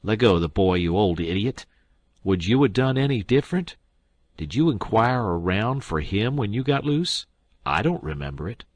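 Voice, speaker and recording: A brisk, scornful swindler, as a male reader puts him on. He snaps out sarcastic jabs in a low, husky voice. The recording is dry and close. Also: dry recording.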